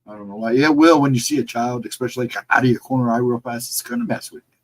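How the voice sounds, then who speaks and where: A middle-aged man hosting a casual livestream, reading the chat and answering viewers in a relaxed, reassuring way. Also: mid-range voice, rapid-fire, rough recording. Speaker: livestream host.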